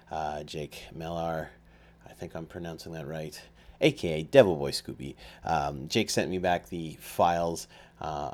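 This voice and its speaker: A man hosting a podcast, opening the episode in a relaxed way with many pauses and fillers. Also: low voice. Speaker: podcast host. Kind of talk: podcast intro.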